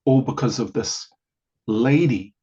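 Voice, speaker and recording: A man, a podcast guest telling a personal story in a lively way, full of "you know" asides. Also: mid-range voice, slow, husky. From New Zealand. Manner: animated, acts out quoted voices, many "you know" asides. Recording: dull lo-fi audio.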